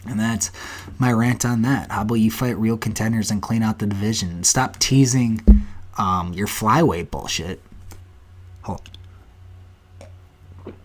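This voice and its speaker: Low-voiced young man ranting casually. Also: unhurried, long pauses. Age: 20s. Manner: blunt, profane and animated, breaks into mock voices. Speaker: podcast host. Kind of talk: casual solo podcast rant.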